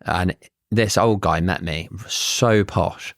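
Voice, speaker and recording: Bloke, lowish voice, swears a lot telling work stories, dry close mic. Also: male voice, slow pace, vocal fry, no echo. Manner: blunt, swears freely, lively anecdotes. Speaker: surveyor. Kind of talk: casual podcast chat, storytelling.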